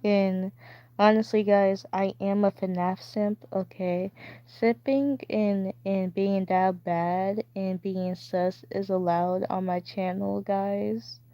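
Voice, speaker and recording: Streamer woman, playful rambling chat, unhurried, flat dry lo-fi mic. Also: medium pitch, smooth, no echo. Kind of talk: casual chat. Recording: dull dry recording.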